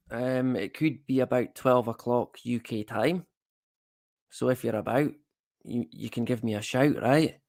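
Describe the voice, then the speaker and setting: A Scottish man hosting a livestream, chatting casually to viewers with self-deprecating, rambling asides. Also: medium pitch. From Scotland. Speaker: livestream host.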